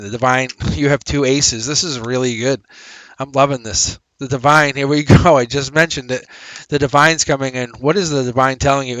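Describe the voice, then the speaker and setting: An upbeat man reads tarot live for his viewers, chatting freely and repeating himself as he lays out cards. His voice sits at an ordinary middle pitch, and the sound is close and dry with no room around it. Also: fairly bright tone, no room sound, rough recording. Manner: upbeat, chatty, repeats phrases, laughs often. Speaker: tarot reader and livestream host. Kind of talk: casual livestream tarot reading.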